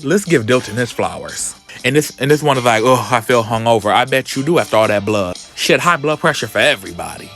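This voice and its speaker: A man recaps a comic book story in a sassy, campy way, tossing in slangy asides. His voice is bright and forceful, and faint music plays underneath. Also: mid-range voice.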